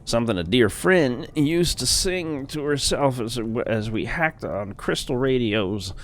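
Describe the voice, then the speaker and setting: A man's voice: medium pitch, expressive, unhurried, slight background noise, voice pushed up. A man voicing an absent-minded old man who mumbles, trails off and forgets what he was saying.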